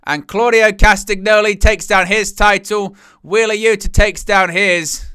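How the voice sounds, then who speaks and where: A man hosting a live wrestling watch-along, calling the action with excited gasps and exclamations. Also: high-pitched, measured pace, clear, resonant tone, no room sound, clean studio sound. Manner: animated, exclaiming "oh" at each move. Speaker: wrestling live-stream host.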